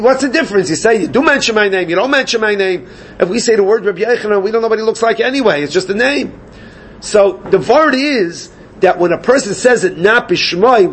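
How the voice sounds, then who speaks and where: A man teaching a Gemara class, animated and questioning his students. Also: sits high, slight background noise. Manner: animated, questioning students, mixes Yiddish and Hebrew terms. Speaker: Talmud teacher.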